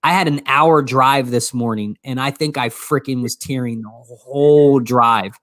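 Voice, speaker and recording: A man's voice: mid-range voice, measured pace, fairly bright tone, no echo, clean studio sound. A man co-hosting a casual motivational talk show, talking earnestly with many restarts and stumbles. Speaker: show co-host.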